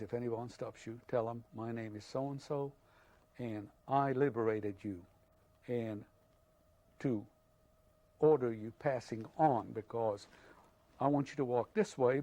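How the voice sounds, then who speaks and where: An older man, from Hungary, telling his life story in an oral history interview, halting and full of fillers. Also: mid-range voice, a little mellow.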